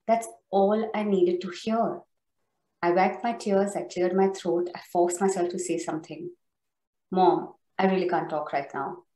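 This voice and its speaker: A woman author reading her own memoir aloud on a podcast, measured and intense. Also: lowish voice, fairly even intonation, warm tone. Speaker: author and guest. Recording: roomy echo.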